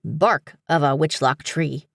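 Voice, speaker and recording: A woman voicing a grumpy, small winged male creature who talks in a gruff, exasperated way. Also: low voice, slow pace, a bit bright, no echo, studio quality, full character voice. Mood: grumbling.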